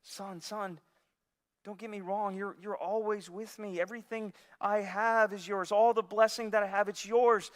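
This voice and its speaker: A man in a sermon voicing a compassionate father gently pleading with his grown son, with long reverb around him. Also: very high-pitched, moderate pace, pitched above the performer's own voice. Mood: tender.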